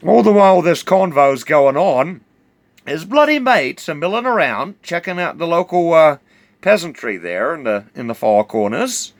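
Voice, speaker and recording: A man's voice: medium pitch, lively intonation, normal speed, dry recording. A man with a New Zealand accent telling a rambling, drawling yarn full of fillers and self-corrections. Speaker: storyteller.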